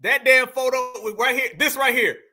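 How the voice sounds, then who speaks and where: A man with a very high, ringing bright voice reacts to clips in loose, slangy commentary. He sounds incredulous and swears freely. His delivery stays animated throughout. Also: fairly quick. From United States. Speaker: show host.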